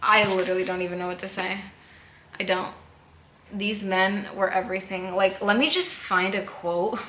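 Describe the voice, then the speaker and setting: A woman's voice: mid-range voice, normal speed, sharp tone, reverberant. A young woman chatting casually to camera about books she loved, gushing and laughing often. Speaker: book vlogger. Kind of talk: casual book chat to camera.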